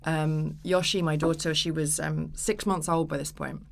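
On a casual podcast interview, an actress guest with a low, gravelly voice tells stories at a moderate pace. Her delivery is animated, and she voices the characters she's quoting.

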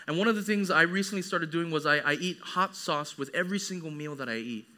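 Young male pastor with a high voice, lively preaching, acts out other voices in his stories. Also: fast talker. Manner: animated preaching with dramatic quoted voices. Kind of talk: sermon.

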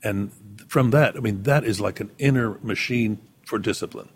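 A man with a fairly low, husky voice gives a relaxed interview as a guest. He thinks aloud and tells stories, pausing now and then on an "uh". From Texas, US. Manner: storytelling, thoughtful, with fillers.

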